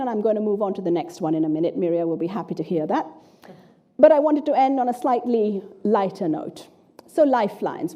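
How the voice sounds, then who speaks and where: A middle-aged woman giving a public lecture, animated and blunt, reading out interview quotes with swearing. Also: medium pitch, muffled recording.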